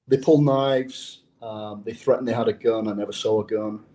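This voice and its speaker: A man's voice: lowish voice, steady tone, normal speed, warm tone, a little hiss or hum, low-quality recording. An English man who is a former undercover police officer, telling a story in an interview in a blunt, profane way. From England.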